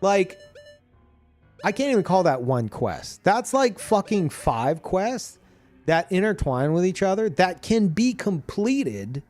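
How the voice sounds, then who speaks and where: A man streamer chatting casually about a video game, animated and profane, laughing often. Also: sits high, takes it slowly, faint music behind.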